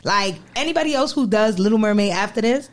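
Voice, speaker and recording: A woman co-hosting a casual chat, animated and slangy, repeating her points for emphasis. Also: medium pitch, fast. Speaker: co-host.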